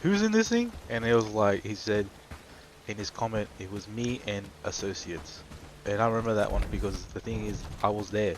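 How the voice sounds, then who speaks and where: A man's voice: on the low side, little pitch movement, normal speed, a little hiss or hum. A man chatting casually on a stream, telling work stories with laughs and plenty of swearing. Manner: laughing storyteller, swears freely in quoted asides. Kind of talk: casual chat.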